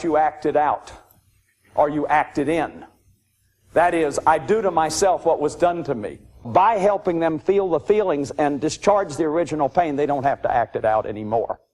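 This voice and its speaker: A man's voice: high-pitched, darkish tone. A man lecturing on addiction and recovery, emphatic and repeating his key phrases.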